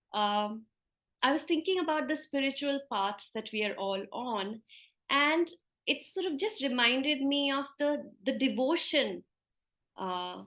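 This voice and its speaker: A woman meditation teacher giving a spiritual talk, telling a story in a gentle, conversational way. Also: high-pitched.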